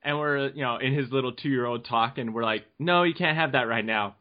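A man's voice: mid-range voice, a little fast. A young man hosting a family podcast, talking easily, laughing and rambling through his thoughts. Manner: easygoing, laughing, rambling with restarts. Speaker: podcast host. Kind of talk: casual podcast chat. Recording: dull lo-fi podcast audio.

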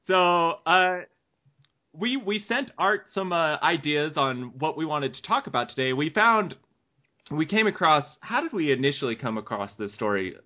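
Man, young adult, podcast host, slightly high voice, casual chat, dull audio. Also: expressive, unhurried. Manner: easygoing, laughing, rambling with restarts.

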